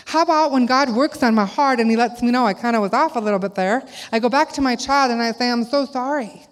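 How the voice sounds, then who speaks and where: A middle-aged woman delivers a sermon in a chatty, animated way, throwing rhetorical questions at her listeners. Her voice sits slightly high. The sound carries a long reverb, as if she is in a large hall. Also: fast. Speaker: speaker at a church gathering.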